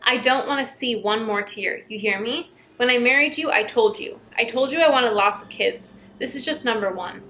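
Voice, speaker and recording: A woman's voice: on the high side, normal speed, hardly any pauses, a bit bright, a little hiss or hum, close to an everyday voice. A woman reading out the lines of a controlling husband in a harsh, threatening tone. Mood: scolding. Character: controlling, bullying young husband.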